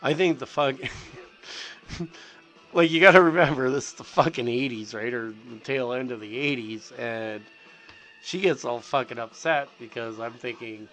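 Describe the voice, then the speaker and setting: A man's voice: medium pitch, moderate pace, a bit bright, faint music behind. A middle-aged man telling stories in a rambling, casual way, swearing constantly and filling gaps with "like" and "you know.". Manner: profane, heavy on fillers and restarts.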